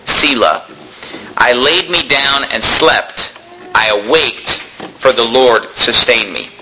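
A man preaching a sermon with emphasis, his voice rising toward near-shouting and then dropping low. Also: takes it slowly, rough recording.

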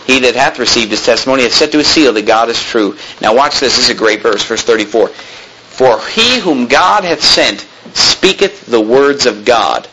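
A man's voice: medium pitch, lively intonation, moderate pace, noisy background. A man preaching a sermon, quoting scripture in old-fashioned wording and swelling his voice for emphasis. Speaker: pastor.

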